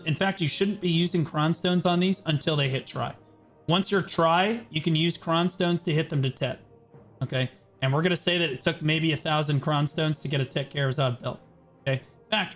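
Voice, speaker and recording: A male streamer with a fairly high voice explains game mechanics in a brash, blunt rush. He swears freely and keeps checking in with "okay" between points. Faint game music plays behind him. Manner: brash, profane, explains in quick bursts with many "okay"s. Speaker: streamer giving a game gearing guide. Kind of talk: casual livestream commentary.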